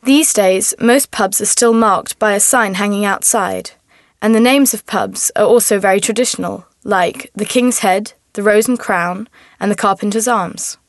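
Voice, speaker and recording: A woman hosting a scripted educational radio program, speaking in a clear, measured, explanatory way. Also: mid-range voice, dry recording, clean studio sound. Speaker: host.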